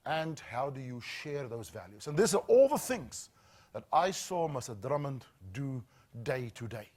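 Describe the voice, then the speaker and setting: A middle-aged man, telling a story as a safety trainer, with earnest dramatic pauses that drop to a hush. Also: mid-range voice, very animated.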